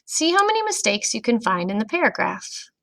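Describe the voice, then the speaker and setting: A woman teacher giving a recorded grammar lesson to children, speaking clearly and patiently to young students. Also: on the high side, sing-song, fairly quick, fairly bright tone, low-quality recording.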